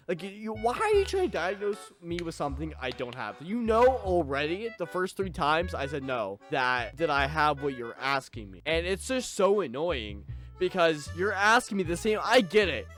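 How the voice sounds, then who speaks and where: A man's voice: on the high side, very animated, moderate pace, a bit bright, soft background music. A young man doing an angry personal rant as a streamer, agitated and swearing, stumbling over his words as he talks to a desk mic. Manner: agitated, swearing, restarts and stammers.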